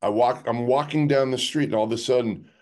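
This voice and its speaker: A man's voice: mid-range voice, fairly quick, darkish tone. A man co-hosting a sports podcast, talking casually in a rambling way full of "like" and restarts. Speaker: podcast co-host.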